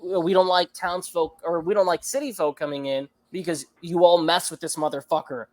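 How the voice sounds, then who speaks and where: A man's voice: a little high, fairly even intonation, normal speed, natural voice. A man quoting a grumpy old townswoman. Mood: warning. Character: grumpy old small-town woman warning city folk.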